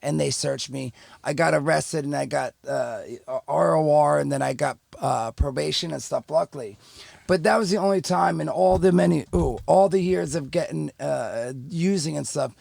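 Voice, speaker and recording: A man's voice: a little high, normal speed, creaky, a little mellow, dry recording. A middle-aged man, telling a story candidly and rambling as a podcast guest, full of fillers and restarts. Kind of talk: casual storytelling.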